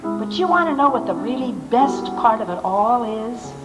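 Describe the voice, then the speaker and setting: An older woman telling comic stories from a stage in a chatty, animated way, acting out other people's voices. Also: fairly high pitch, moderate pace. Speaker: stage performer. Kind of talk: anecdotal stage monologue. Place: stage in a large hall. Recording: long hall reverb, faint music behind.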